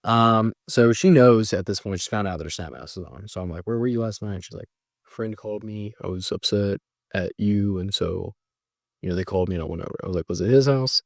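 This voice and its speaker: A man telling a personal story in a casual, animated way, mocking himself and jumping high when exasperated. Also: fairly quick, gravelly, dry recording, studio quality. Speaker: storyteller recounting a breakup.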